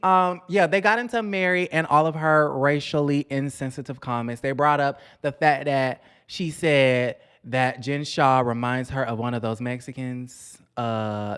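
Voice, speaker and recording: A man's voice: mid-range voice, fairly bright tone, smooth. A man hosting a casual commentary vlog on reality TV, sassy and chatty, talking straight to his viewers and calling them honey.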